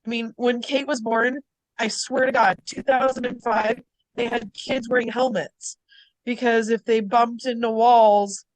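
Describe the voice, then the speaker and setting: Slow-spoken mother sharing in an online group. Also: fairly high pitch, steady tone, dry recording, poor audio. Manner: halting, emotional, pauses mid-thought. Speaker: parent in support group. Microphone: video call.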